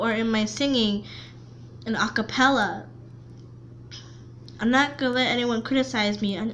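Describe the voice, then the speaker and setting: A woman vlogger chatting casually to camera, talking haltingly with frequent restarts and repeated words. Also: sits high, fairly bright tone, a little hiss or hum.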